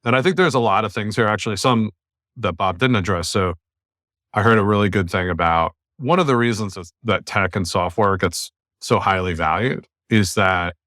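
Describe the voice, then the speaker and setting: A man from the United States hosting a podcast, giving blunt, opinionated views in casual discussion, often with animated rants. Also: lowish voice, normal speed, no room sound, clean studio sound. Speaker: podcast host.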